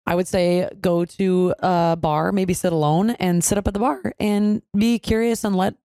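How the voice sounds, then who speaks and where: A woman's voice: on the low side, steady tone, normal speed, dark tone, no echo, clean studio sound. A young woman co-hosting a casual podcast chat, blunt and swearing freely as she runs through dating advice, with the hiccups. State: has hiccups. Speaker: podcast co-host.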